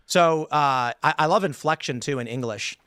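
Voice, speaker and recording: A man's voice: fairly high pitch, moderate pace, a bit bright, no echo, clean studio sound. A man hosting a casual panel chat, explaining ideas at length and musing aloud. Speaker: podcast host.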